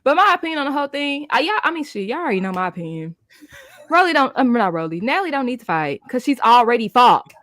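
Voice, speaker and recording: A woman's voice: sits high, sing-song, quick pace, fairly bright tone, no room sound. Blunt, profane young woman recap host. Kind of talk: live recap chat.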